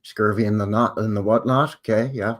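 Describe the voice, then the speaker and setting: A Canadian man with a lowish voice hosts a casual live stream. He reads historical notes aloud and keeps interrupting himself with dry, offhand remarks. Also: fairly even intonation, brisk. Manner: wry offhand asides between read-out facts. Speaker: live show host.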